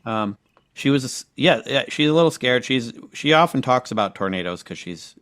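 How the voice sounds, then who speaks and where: A man co-hosting a comedy podcast, talking casually in a halting, deadpan way full of ums and restarts. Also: medium pitch, dry recording, studio quality. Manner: hesitant, halting, filler-heavy and deadpan. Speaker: podcast co-host.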